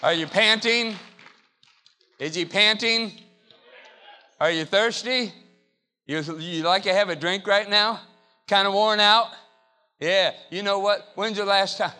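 Man, pastor, call-and-response sermon, high voice. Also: slow pace, long pauses, pushed and bright. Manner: call-and-response preaching, repeating phrases. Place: church sanctuary.

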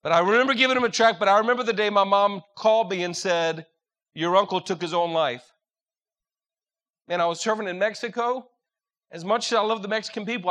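Young guy preaching, high bright voice, earnest, tells stories straight to the crowd. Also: a little fast. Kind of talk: sermon.

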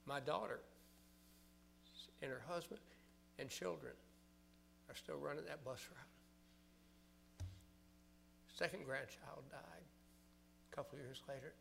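Gravelly older preacher, bright voice. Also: male voice, fairly high pitch, takes it slowly, long pauses, a little hiss or hum. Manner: fervent preaching, rising loud on scripture, dropping quiet for personal stories. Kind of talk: sermon.

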